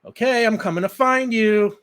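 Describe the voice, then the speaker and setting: A weary eighteen-year-old boy who keeps coaxing his little sister to head home, as a man puts him on. He sounds patient but reluctant, his voice a touch higher and louder than plain talk when he calls out. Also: lively intonation, a little slow. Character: weary teenage boy, about eighteen, indulgent big brother.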